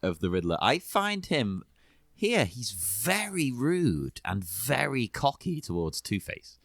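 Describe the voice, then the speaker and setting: Man, podcast co-host, wildly swinging pitch, dry close sound, enthusiastic. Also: very animated, takes it slowly, a bit bright, no echo. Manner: enthusiastic, laughs often. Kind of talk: casual film discussion.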